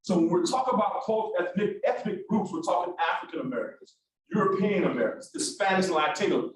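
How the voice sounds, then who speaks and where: A man from Alabama leading an interactive classroom workshop, brisk and animated as he calls on the room. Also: sits high, heavy reverb, far from the mic, low-quality recording. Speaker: workshop instructor. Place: large echoey classroom.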